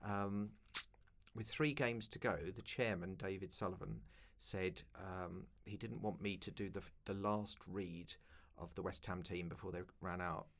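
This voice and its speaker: Brief: London man, fifties, low-ish voice, wry self-deprecating storyteller in a chat interview. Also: steady tone, measured pace. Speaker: guest, broadcaster and keynote speaker.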